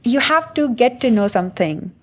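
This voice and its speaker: A young adult woman talking through her thoughts in a reflective vlog monologue, halting and full of fillers and restarts. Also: fairly high pitch, lively intonation. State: briefly emotional. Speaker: vlogger.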